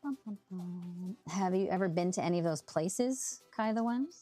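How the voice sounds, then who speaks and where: A young Canadian woman hosts a sewing livestream, reading viewer comments, thinking aloud and laughing often in casual chat. Her medium-pitched voice is dark in tone and brisk, with faint music in the background.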